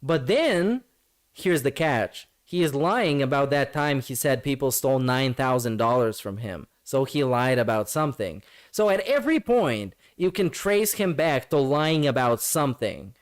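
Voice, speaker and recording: A man's voice: medium pitch, sing-song, unhurried. A man streaming a reaction to a clip, talking back at it with sarcastic, mocking, profane commentary.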